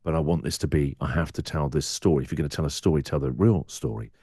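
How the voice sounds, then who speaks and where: A man's voice: extremely low pitch, fast talker, warm tone, husky, no echo, clean studio sound. A middle-aged English radio presenter speaking candidly as a podcast guest, acting out his inner voice in quoted asides.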